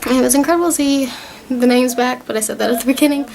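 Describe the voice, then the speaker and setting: A woman's voice: high voice, racing, gravelly, darkish tone, low-quality recording. A young woman vlogging at home, recapping a TV season in a chatty, rambling way, with many fillers as she retells scenes. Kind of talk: casual recap talk to camera.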